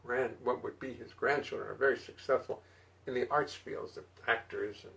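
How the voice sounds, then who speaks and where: A man hosting a live music stream from his studio, rambling and reminiscing with halting restarts between songs. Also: steady tone, creaky. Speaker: singer-bassist host. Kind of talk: casual spoken aside between songs. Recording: distant mic, loud bass music behind. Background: loud double bass playing.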